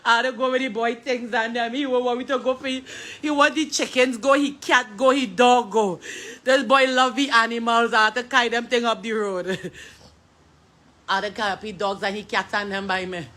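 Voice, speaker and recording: Distraught Trinidadian woman, bright voice. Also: on the high side, fairly even intonation, moderate pace. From Trinidad and Tobago. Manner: pleading, repetitive, breaking between laughter and tears. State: crying, distraught. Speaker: grieving sister. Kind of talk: distraught street appeal.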